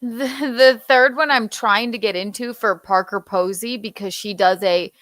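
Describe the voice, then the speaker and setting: A woman's voice: mid-range voice, a bit bright, no echo, studio quality. A woman hosting a podcast in casual chat, drawing out words and laughing often. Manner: drawn-out, laughing, gossipy. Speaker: podcast host.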